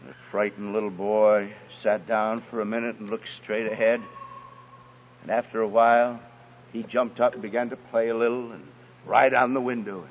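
A man's voice: lowish voice, little pitch movement, normal speed, slight background noise. A man telling a personal story in an emphatic sermon style and speaking straight to the parents in his audience. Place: hall with an audience. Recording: echoey hall, dull lo-fi sound.

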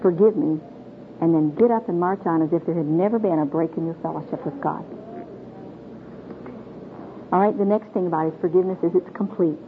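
On a hissy, phone-like old recording, a middle-aged Michigan woman teaches Bible class to a group in a meeting room. Her fairly low voice moves fast with few pauses, folksy and earnest, and she keeps asking questions.

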